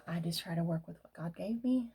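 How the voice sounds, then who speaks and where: A middle-aged woman talking casually through her makeup routine, often dropping to a soft whisper. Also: on the low side, brisk, slightly rough. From United States. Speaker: beauty vlogger. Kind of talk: casual get-ready-with-me makeup talk.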